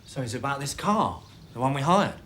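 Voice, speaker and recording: A man's voice: mid-range voice, sing-song, brisk, very noisy, close to an everyday voice. An actor playing a nervous young man who stumbles and hesitates over his words.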